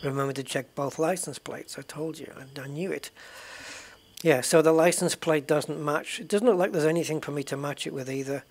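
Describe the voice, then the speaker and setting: A man's voice: on the high side, brisk. Man muttering over a game. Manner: quiet, muttering thoughts aloud. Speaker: gaming channel host. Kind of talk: let's play commentary.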